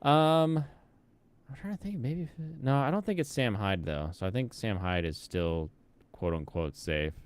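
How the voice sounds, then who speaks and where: A man's voice: mid-range voice, normal speed, clear, resonant tone. A young man from the Pacific Northwest giving casual commentary while playing a game, thinking aloud and chatting with viewers. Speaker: streamer.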